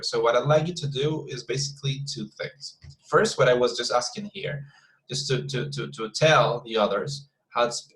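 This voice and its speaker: A man's voice: mid-range voice, fairly bright tone, rough recording. Hesitant man teaching an online English class. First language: Spanish. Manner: hesitant, many repeated words and fillers. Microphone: video call.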